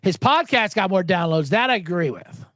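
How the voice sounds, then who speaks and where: A man's voice: sits high, animated, normal speed, fairly bright tone, dry recording. A man hosting a sports betting podcast, ranting sarcastically with profanity and mocking voices. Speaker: podcast host.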